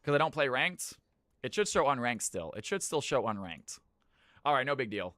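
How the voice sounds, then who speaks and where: A man from California hosting his stream's viewer games, chatting casually with his viewers, brisk and swearing freely. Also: mid-range voice, very animated, a bit bright, dry recording. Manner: brisk, swears, talks to chat. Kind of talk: casual live-stream chat.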